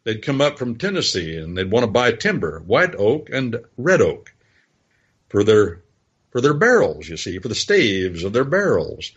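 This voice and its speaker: A husky, lowish male voice gives folksy Bible teaching, wandering into stories and spelling words out loud. His pitch swings widely as he talks. The recording sounds dull and lo-fi. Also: sing-song, unhurried. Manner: rambling storytelling with spelled-out words. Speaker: preacher.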